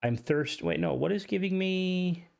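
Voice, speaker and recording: A man streams a video game live, chatting casually with viewers, swearing freely, and reacting aloud to what happens on screen. His voice sits high and sounds gravelly and a little mellow, with an unhurried delivery.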